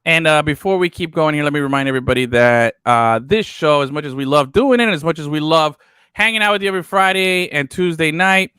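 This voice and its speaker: A man's voice: a little high, brisk, pushed and bright, smooth, no echo, studio quality. A man hosting a casual sports talk show, joking and slangy. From island.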